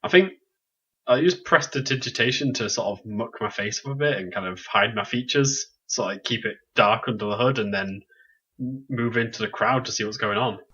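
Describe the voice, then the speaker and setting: A man's voice: mid-range voice, moderate pace, fairly bright tone, husky, muffled recording. A man playing a tabletop game, answering in short reactions with mild swearing. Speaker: player.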